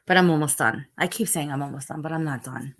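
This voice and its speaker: A tired middle-aged woman from the Northeast United States hosts a casual live stream, yawning as she goes. Her voice is low-pitched and fast, and she's chatty and rambling while reading the chat.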